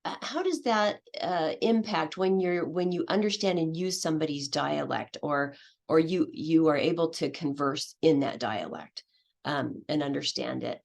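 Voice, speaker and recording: A woman's voice: sits low, moderate pace, gravelly, darkish tone. A woman giving a conference presentation on teaching, explaining step by step and acting out what her students say. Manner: explanatory, acts out student voices.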